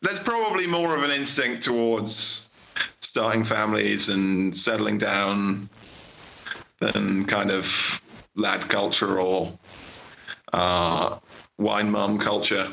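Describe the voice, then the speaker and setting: A young man from Britain, a guest writer in a casual podcast conversation, speaking in a thoughtful, measured way with many pauses and fillers. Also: fairly low pitch, steady tone, gravelly, sharp tone, low-quality recording.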